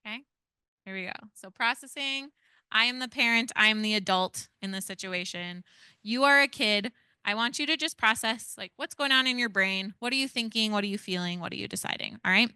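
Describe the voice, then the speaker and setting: Brief: casual woman in her thirties running a parenting workshop, bright and forceful tone. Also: a little high, a little fast, clean tone, no room sound. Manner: casual, chatty, many "like" and "right?". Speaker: parenting educator leading a training. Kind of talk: interactive workshop talk.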